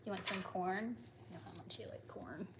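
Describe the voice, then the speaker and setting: A woman's voice: on the low side, animated, moderate pace, heavy background noise. A woman hosting a casual livestream, chatting, joking and talking to her chicken at home. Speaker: livestream host.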